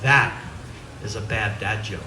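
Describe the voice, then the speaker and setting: A man's voice: fairly high pitch, expressive, unhurried, gravelly, very noisy. A man voicing an annoyed wife who speaks in a clipped, cold way. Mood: stern. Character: stern, annoyed wife and mother. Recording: echoey stage from far off.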